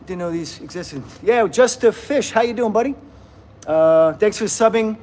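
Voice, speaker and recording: A man's voice: sits high, moderate pace, a little mellow. A man in his fifties chatting casually on a livestream from a gym, rambling and laughing often as he greets viewers. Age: 50s.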